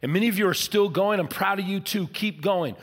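A man preaching a sermon as pastor, telling stories with lively swings from loud to hushed. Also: high-pitched, brisk. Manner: animated storytelling with wide swings between loud and hushed. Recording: long hall reverb.

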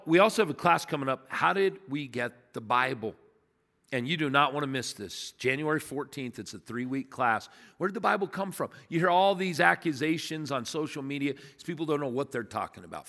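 Male pastor, somewhat high and bright, animated sermon style, long church reverb. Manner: animated, emphatic, conversational preaching with storytelling. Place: church sanctuary.

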